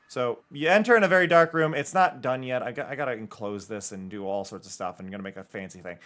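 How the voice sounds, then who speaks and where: A man's voice: mid-range voice, a bit bright. A man chatting casually on a livestream, talking easygoing and narrating what he does as he builds in a game at home into a desk microphone. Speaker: streamer. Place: home room. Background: faint game music.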